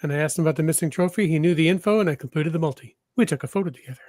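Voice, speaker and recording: A man on a casual podcast, chiming in with deadpan, wry one-liners and reading listener notes. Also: fairly high pitch, racing, no echo, studio quality. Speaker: podcast co-host.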